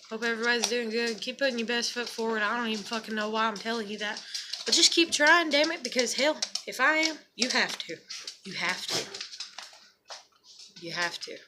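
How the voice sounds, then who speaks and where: A woman's voice: fairly high pitch, background noise. A woman talking to her viewers in a rambling, profane, emotional confessional vlog. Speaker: mother vlogging to her viewers.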